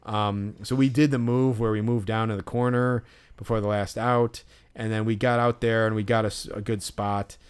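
A man's voice: fairly low pitch, little pitch movement, moderate pace, clean tone. A young man and podcast co-host telling a long, profane, ranting story in casual chat.

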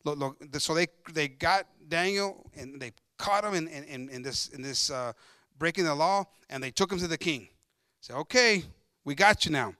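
A man's voice: a little high, moderate pace, sharp tone, smooth, no echo, studio quality. A man preaching, reading scripture aloud and retelling it in his own words with many repeats and restarts. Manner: switches between English and Spanish. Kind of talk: bilingual sermon, reading scripture and explaining.

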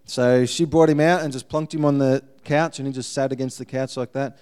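A man giving a guest sermon, telling a missionary story in a lively way and acting out the people in it. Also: a little high, a little fast, hardly any pauses, smooth.

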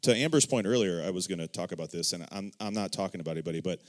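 A man sharing his own testimony in a casual church discussion, animated and acting out the dialogue he quotes, often checking in with "right?". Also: low voice, racing.

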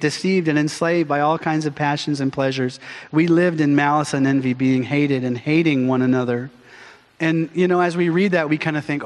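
A middle-aged man preaching a sermon as pastor, telling stories with lively acted voices. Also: a little high. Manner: animated storytelling with acted voices. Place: church sanctuary. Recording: long hall reverb.

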